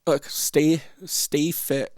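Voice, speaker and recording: A man's voice: on the high side, little pitch movement, very slow. A man from Canada hosting, giving casual, rambling, profane reaction commentary with laughing asides at a home desk mic. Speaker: host.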